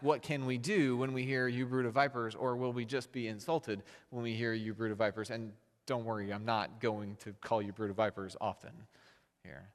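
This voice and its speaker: A man preaching a sermon, relaxed and conversational, building to emphatic peaks. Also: medium pitch. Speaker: pastor. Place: church sanctuary. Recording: long hall reverb.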